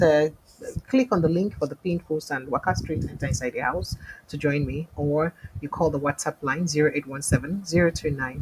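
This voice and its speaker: A woman's voice: low voice, background noise. A woman with a Nigerian accent hosting a live call-in show, chatting casually, reading out viewer comments and slipping into pidgin. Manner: chatty, reads viewer comments aloud, laughs, switches into pidgin.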